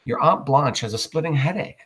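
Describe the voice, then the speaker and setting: A man's voice: on the high side, lively intonation, fairly quick, husky, pitched above the performer's own voice. A man reading the part of a stern mother of about forty who scolds her son. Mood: scolding. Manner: sharp and scolding.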